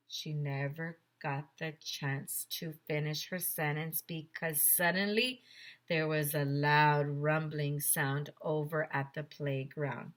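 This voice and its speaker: A woman teacher reads a children's chapter book aloud in an animated, playful way. Her voice is rather low but bright and clear. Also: slow pace.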